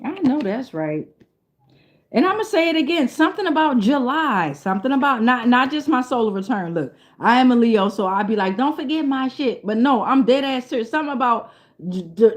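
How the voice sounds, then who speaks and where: A woman casually reading oracle cards for her viewers, rambling, swearing freely and laughing often. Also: on the high side. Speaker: tarot reader. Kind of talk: casual tarot reading vlog.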